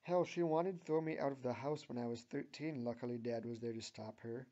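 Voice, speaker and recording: A man's voice: medium pitch, brisk, mellow, natural voice. A man reading the lines of an abrasive, cynical young woman who swears and grumbles, on a dull lo-fi recording. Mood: grumbling bitterly.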